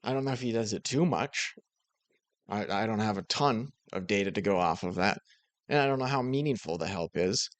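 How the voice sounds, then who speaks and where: A man reacting to a clip in casual commentary, relaxed and a bit hesitant with chuckling asides. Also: on the low side, fairly quick, dry recording.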